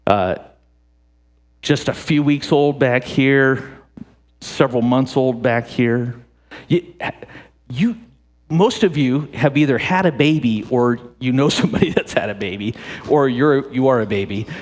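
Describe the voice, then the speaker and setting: A married man preaching a sermon to a church congregation, animated and jokey, often repeating and restarting his phrases. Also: mid-range voice, measured pace, pauses often. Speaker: pastor. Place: church sanctuary. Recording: long hall reverb.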